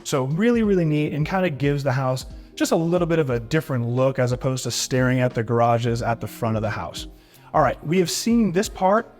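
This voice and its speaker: With lively intonation and a fairly quick pace, a real estate agent walks through a house for a tour vlog, excitedly praising every room and feature. His mid-range voice has a darkish tone, soft music plays underneath, and he keeps saying "really neat" and "beautiful."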